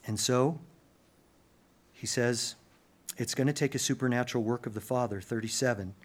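A man preaching a sermon, swinging from loud urgent emphasis to hushed intensity, with casual slang asides. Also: medium pitch, normal speed. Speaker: pastor.

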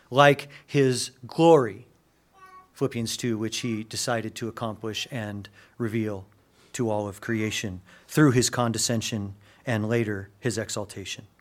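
A man preaching a sermon, dropping to hushed low asides and rising to loud, emphatic peaks, acting out quoted dialogue in lively voices. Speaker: pastor.

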